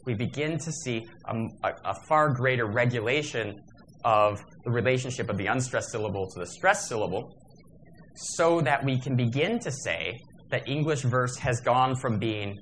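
A man's voice: on the low side, a bit bright, slight background noise, low-quality recording. Man lecturing on verse, many restarts. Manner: thoughtful, with frequent restarts and fillers. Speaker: teacher of poetry. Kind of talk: lecture to teachers.

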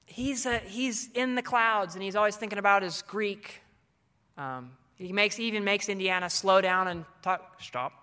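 A man's voice: high voice, moderate pace, bright, forceful tone, clean tone. A man giving a conference talk to fellow teachers, earnest and coaching in tone, with frequent ums and restarts. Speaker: teacher speaking to fellow educators. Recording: long hall reverb.

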